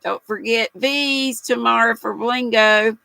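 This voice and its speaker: Reading viewer comments aloud and laughing often, an older woman from the US hosts a casual, folksy, chatty livestream. Her voice sits on the high side, slow-paced, with vocal fry and a bright, forceful tone. The audio is dry and low quality.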